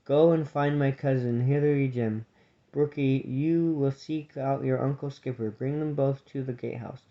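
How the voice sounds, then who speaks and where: A man voicing a kindly elderly male abbot who speaks gently and patiently, on a dull lo-fi recording. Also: medium pitch, fairly even intonation, normal speed, natural voice. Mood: gentle. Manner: gentle, patient and soft-spoken.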